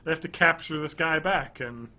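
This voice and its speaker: A man in his thirties co-hosting a podcast, chatting casually and enthusiastically, rambling and swinging between loud bursts and quiet mumbles. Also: on the high side, normal speed. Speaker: podcast co-host. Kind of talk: casual chat.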